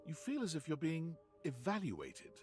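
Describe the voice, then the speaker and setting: A man's voice: fairly high pitch, huge pitch swings, normal speed, darkish tone, faint music behind. A man narrating a video game in a wry, descriptive way.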